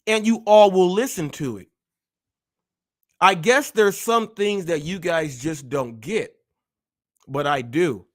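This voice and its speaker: A man hosting a live stream, boasting and trash-talking in rapid-fire wordplay. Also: fairly high pitch. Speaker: host.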